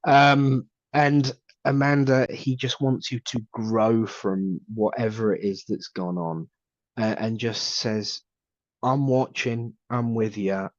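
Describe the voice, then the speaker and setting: A man gives a live spirit reading in a lowish voice, stumbling through fillers and repeated words. The sound is dull and dry, with no room around it. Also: steady tone, slow pace, no echo. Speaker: psychic medium.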